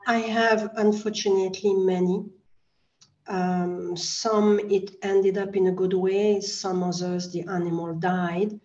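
A woman's voice: lowish voice, a little mellow, distant mic. A woman being interviewed as an animal communicator, speaking earnestly and reassuringly with slightly non-native phrasing. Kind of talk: interview conversation. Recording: echoey, dull lo-fi sound.

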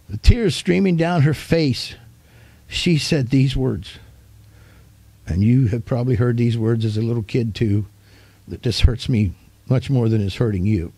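Older man preaching with a warm, mellow voice. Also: mid-range voice, a little slow, pauses often, husky, no echo. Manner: folksy, homespun storytelling; vivid, animated retelling. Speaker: pastor. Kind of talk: storytelling sermon.

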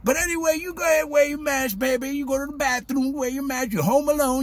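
A man talking casually to the camera in a preachy, animated way, stumbling over repeated words and dropping in "man" and "baby". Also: very high-pitched, fast talker, few pauses, no echo. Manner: street-style grammar, says "man" and "baby". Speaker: vlogger. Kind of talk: casual spoken monologue.

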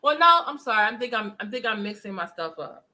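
High bright-voiced woman vlogger. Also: a little fast. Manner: chatty, addresses viewers directly, animated retelling. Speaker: commentary vlogger. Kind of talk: casual gossip commentary.

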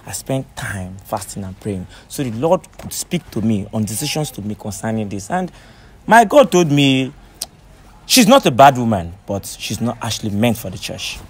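A man's voice: fairly low pitch, very animated, moderate pace, a little hiss or hum. A man playing a pastor who repeats reassurances and preaches in a sermon-like way. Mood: solemn. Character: soothing, preachy young male pastor. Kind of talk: skit acting.

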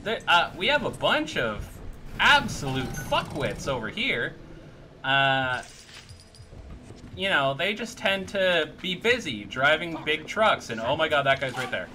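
A man's voice: fairly high pitch, sing-song, a little slow, pushed and bright, a little hiss or hum. A Canadian man from British Columbia giving casual, joking, self-deprecating gameplay commentary as a streamer, with some swearing. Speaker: game streamer.

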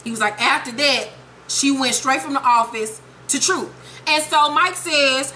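A young woman giving a profane, animated comedic recap of a TV episode and quoting the characters in quick voices. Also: sits high, slight background noise. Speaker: TV show recapper.

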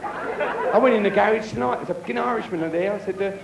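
Crude club comic, high animated voice, roomy hall, crowd noise. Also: male voice, quick pace, gravelly. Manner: crude, profane joke-telling, banter with the crowd. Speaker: stand-up comedian. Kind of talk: live stand-up comedy. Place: comedy club stage.

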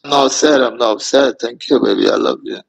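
A man's voice: mid-range voice, fast talker, gravelly, poor audio. A man on a voice chat, pleading and sweet-talking in broken English, calling her baby over and over. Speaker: scammer. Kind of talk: romance-scam voice chat.

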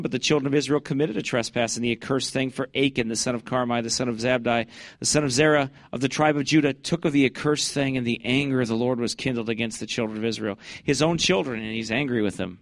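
Man, fervent sermon, middle pitch, dry sound, loud high bursts. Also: no echo. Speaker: preacher. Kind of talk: fiery Baptist sermon.

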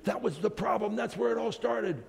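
A man's voice: high voice, normal speed, creaky, soft background music, voice pushed up. A man voicing a distraught, accusing mother inside a story he tells in a hall.

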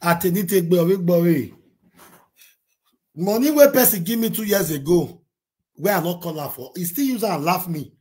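Nigerian vlogger guy, slightly high voice, excitable rant, keeps repeating himself. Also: normal speed, long pauses. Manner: excitable, repetitive, mixes pidgin and local language. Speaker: vlogger commenting on a movie-industry dispute. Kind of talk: animated pidgin commentary.

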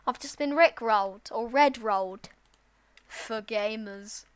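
A woman giving casual, excitable let's-play commentary with sudden loud outbursts. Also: fairly high pitch, fairly quick. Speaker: gaming channel host.

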